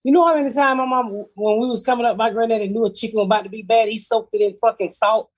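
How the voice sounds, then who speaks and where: Woman, husky voice, podcast host, profane, casual comic storytelling. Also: fairly high pitch, fairly even intonation, quick pace. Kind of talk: casual comedic chat.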